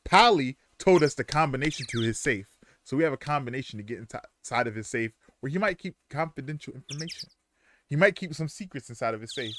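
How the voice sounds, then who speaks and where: A man's voice: medium pitch, lively intonation, fast talker, a bit bright, slight background noise. A young man streaming a game live, chatting casually and crudely and retelling events animatedly. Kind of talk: live gameplay commentary.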